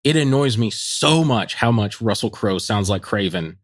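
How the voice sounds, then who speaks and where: Animated man ranting about a bad movie. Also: on the low side, moderate pace, no echo, clean studio sound. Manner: animated, laughing, mocking quotes. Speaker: podcast co-host. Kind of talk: casual movie review chat.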